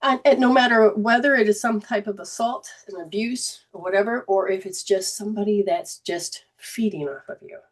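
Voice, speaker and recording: A woman at a middle pitch, earnest and searching as she tells a story and keeps restarting her sentences. She hosts a casual talk about emotional healing. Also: moderate pace, hardly any pauses. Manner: earnest storytelling, quotes others, frequent restarts. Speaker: host, energy healer.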